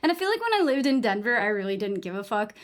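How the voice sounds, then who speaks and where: A woman's voice: mid-range voice, very animated, fast talker. A young woman with a New England accent chatting casually while gaming on a live stream, rambling, saying "like" a lot and swearing freely.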